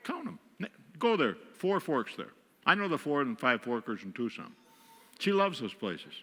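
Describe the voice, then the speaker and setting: A guest speaker from western New York tells wry, self-mocking stories about married life from the pulpit. His voice is bright and forceful. It rings with the long reverb of a church sanctuary. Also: mid-range voice, very animated, normal speed. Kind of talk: humorous storytelling sermon.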